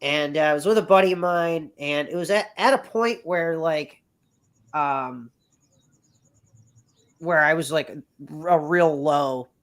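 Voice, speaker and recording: A man's voice: on the high side, slow, long pauses, a bit bright. A man in his thirties telling a long personal story as a podcast guest, rambling and swearing freely. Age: 30s. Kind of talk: casual storytelling.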